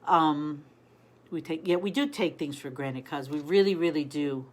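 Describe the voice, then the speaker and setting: Chatty grandmother, lowish woman's voice. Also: normal speed. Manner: chatty storyteller, greets viewers by name. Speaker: live-stream host. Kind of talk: casual live-stream chat.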